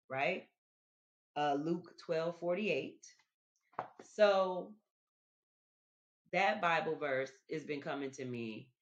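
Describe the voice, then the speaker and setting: A woman hosting a podcast, talking to listeners in a casual, reflective monologue, often repeating her words as she goes. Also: low-pitched. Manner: chatty, repeats words, addresses listeners directly. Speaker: podcast host. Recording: dull lo-fi recording.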